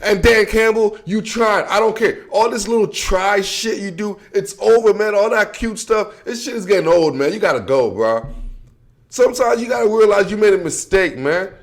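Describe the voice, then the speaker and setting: A man with a notably high voice delivers a casual sports rant straight to camera. He talks bluntly and with heat, using loose slang and repeating filler like "man" and "bro" at the end of lines. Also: normal speed. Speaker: football commentator.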